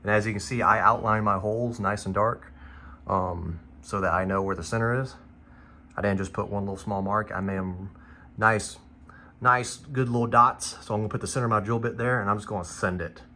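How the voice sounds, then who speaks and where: A man's voice: on the low side, fairly even intonation, brisk, bright, forceful tone, slight background noise. A man talking viewers through a motorcycle parts install in a loose, rambling, self-deprecating way, as a casual how-to vlogger in a garage.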